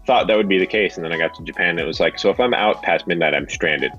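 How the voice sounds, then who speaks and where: A man chatting as a guest on a video-call show, easygoing, telling stories at a drawn-out pace. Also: sits low, a bit bright, muffled recording, faint music behind. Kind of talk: casual online chat.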